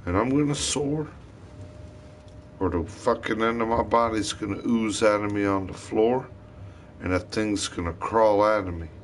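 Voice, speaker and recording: A man's voice: on the low side, moderate pace, slight background noise. A man talking in a rambling, wandering monologue, swearing often as he tells his story.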